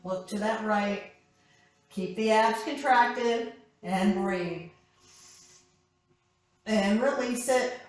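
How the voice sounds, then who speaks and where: A woman's voice: mid-range voice, extremely slow, long pauses, distant mic. A woman instructor leading a core workout class, counting reps and calling out short cues. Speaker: fitness instructor. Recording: echoey room with background music.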